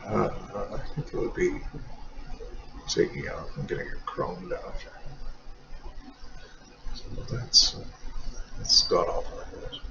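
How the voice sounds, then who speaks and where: A man's voice: fairly low pitch, huge pitch swings, measured pace, gravelly. A man giving rambling, wry, self-mocking commentary over a racing game. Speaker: sim racing video creator. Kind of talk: casual gameplay commentary. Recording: dull lo-fi mic with faint noise.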